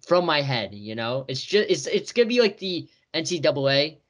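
A man's voice: on the high side, sing-song, normal speed. A man co-hosting a casual sports podcast, joking and self-deprecating, often stammering as he starts. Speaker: podcast co-host. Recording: dull lo-fi audio.

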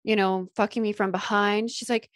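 A woman's voice: mid-range voice, level tone, normal speed, no room sound, clean studio sound. A woman in her thirties chatting casually and frankly as a podcast guest, acting out quotes with gasps. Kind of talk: casual chat.

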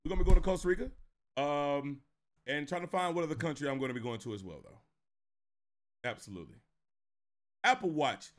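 Animated high-voiced streamer man. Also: fairly quick, pauses often. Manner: animated, swings from low mutters to loud laughing outbursts. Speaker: streamer reacting to clips. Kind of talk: casual reaction stream chat.

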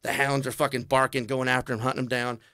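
A man's voice: mid-range voice, flat delivery, quick pace, bright, forceful tone, dry recording, clean studio sound. A man telling a comedy story in casual talk, acting out the voices of the people in it.

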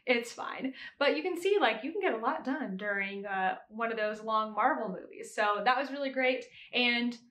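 In an echoey room, a young adult woman talks casually on her knitting podcast, laughing here and there when she corrects herself. Her voice sits on the high side, a bit bright, at a moderate pace.

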